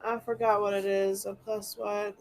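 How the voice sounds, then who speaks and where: A woman's voice: mid-range voice, little pitch movement, normal speed. A woman playing in a tabletop game, eagerly quibbling over her dice rolls. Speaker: player. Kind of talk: casual table chat.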